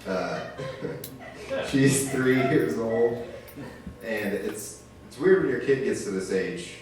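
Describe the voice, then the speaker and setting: A man's voice: medium pitch, lively intonation, takes it slowly. A young man doing a stand-up comedy set in a loose, rambling way with crude asides. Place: small arts venue stage. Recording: distant, echoey room with noise.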